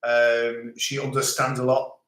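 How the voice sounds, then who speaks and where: A middle-aged man, hosting a livestream and reading out viewer comments in a relaxed, chatty way with frequent laughs. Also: medium pitch, a little slow. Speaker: livestream host. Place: home in rural France. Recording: echoey room.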